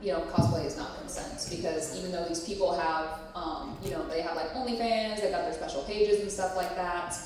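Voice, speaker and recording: A woman's voice: on the low side, fairly even intonation, brisk, hardly any pauses, darkish tone, a little hiss or hum. A woman presenting a convention panel in a casual, frank way, swearing now and then and filling her talk with "like, you know.". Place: convention panel room with live audience. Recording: echoey room, distant mic.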